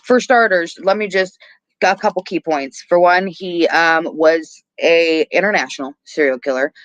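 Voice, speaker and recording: A woman's voice: on the low side, normal speed, dry recording, muffled recording. A woman co-hosting a casual podcast, chatting loosely, laughing often, swearing freely and poking fun at herself. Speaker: podcast co-host. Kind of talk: casual chat.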